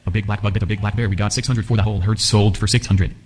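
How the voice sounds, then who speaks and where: A synthetic text-to-speech male voice playing an auctioneer calling bids in a fast rhythmic chant. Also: lowish voice, fairly even intonation, a little mellow.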